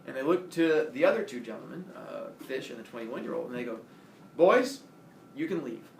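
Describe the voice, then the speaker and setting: Speaking quickly in a creaky, mid-range voice, a man acting as storyteller host casually recounts a personal story with animation, performing the voices of the people involved. He sits far from the mic in a roomy, echoing space with faint ambience.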